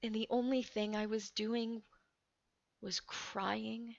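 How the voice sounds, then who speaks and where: A young woman telling a frightening personal story in casual talk, halting and shaky, swearing freely. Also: on the high side, little pitch movement, creaky, no room sound. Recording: muffled dry recording.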